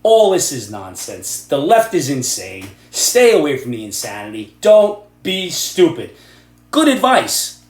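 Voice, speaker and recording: A middle-aged man from Ireland, ranting loudly and sarcastically about the news in a vlog. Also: mid-range voice, wildly swooping pitch, moderate pace. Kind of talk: angry political rant vlog. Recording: echoey room.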